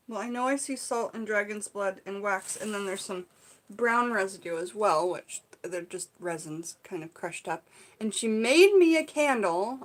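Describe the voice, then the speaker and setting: Gushing chatty woman vlogger. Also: medium pitch. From Seattle area. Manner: chatty, gushing and excitable, with frequent "um" and "like". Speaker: vlogger opening gifts. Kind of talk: casual unboxing chat to viewers.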